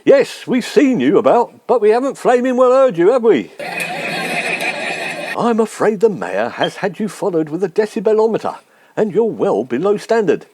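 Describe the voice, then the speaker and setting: A man's voice: sits high, big pitch swings, moderate pace, darkish tone, dry recording. A man voicing an exasperated, blustering middle-aged man, indignant and sarcastic, in a comic sketch impression.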